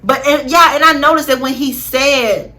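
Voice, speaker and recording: A woman hosting a casual reality-show recap, animated and slangy, often laughing as she talks. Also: high voice, normal speed. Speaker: vlog host.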